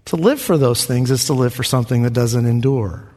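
A man's voice: medium pitch, a little fast, darkish tone, long reverb tail. A man preaching a sermon. He talks earnestly and repeats questions for emphasis. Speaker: pastor.

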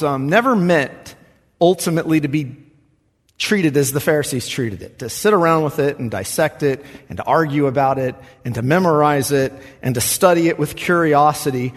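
A man's voice: on the high side, moderate pace, big-room sound. A man preaching a sermon as pastor, earnest and conversational, acting out quoted voices as he goes.

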